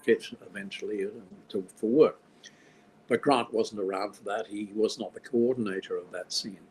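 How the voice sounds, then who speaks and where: A man's voice: lowish voice, normal speed, a little mellow, slight background noise, low-quality recording. An older man from Australia, a film director being interviewed, talking in a rambling way with dry, wry humor. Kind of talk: casual interview conversation.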